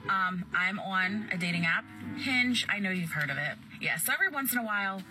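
A woman's voice: medium pitch, animated, fairly quick. A woman in her forties giving a rambling, self-deprecating monologue to camera. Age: 40s. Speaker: woman posting a video about dating. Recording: clip with loud music underneath.

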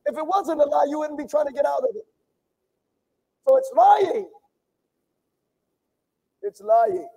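Fervent high-voiced preaching pastor. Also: male voice, creaky, rough recording. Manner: fervent, repetitive preaching cadence, swings from shouting to hushed. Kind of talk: impassioned sermon prayer.

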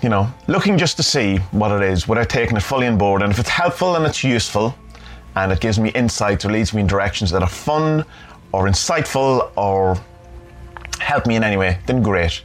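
A man's voice: on the low side, expressive, a little fast, soft background music. A man hosting a podcast, talking in a rambling, thoughtful way and often searching for his words. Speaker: podcast host. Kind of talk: reflective spoken vlog.

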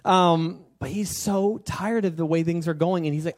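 A man preaching a sermon in a casual, animated way, acting out God's words conversationally. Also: fairly high pitch, moderate pace. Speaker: pastor.

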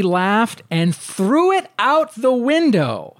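A man co-hosting a podcast, reading a listener's email aloud in a steady, dry way with wry asides. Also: fairly high pitch, normal speed, no room sound.

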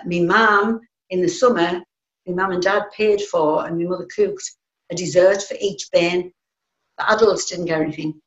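An older woman with a North East English accent and a fairly low voice tells her story in a plain, earnest way, often pausing on "um". The recording is roomy and a little dull. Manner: plain-spoken, earnest, hesitant with many ums. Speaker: interviewee. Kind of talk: personal recollection.

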